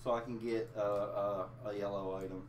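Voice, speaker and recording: A man's voice: fairly low pitch, little pitch movement, moderate pace. A man co-hosting a casual gaming video, teasing and laid-back. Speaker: co-host. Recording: roomy echo, faint noise.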